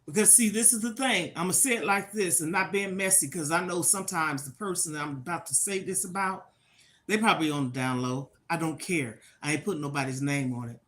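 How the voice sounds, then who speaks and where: A woman's voice: on the low side, brisk, fairly bright tone. Frank older woman talking to viewers. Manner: frank, preachy, repeats "okay?" often. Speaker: livestream host. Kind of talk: casual livestream talk to viewers.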